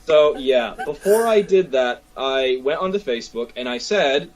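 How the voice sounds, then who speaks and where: A man hosting a casual chat, telling stories in an animated way with lots of fillers. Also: mid-range voice, normal speed, hardly any pauses. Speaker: podcast host.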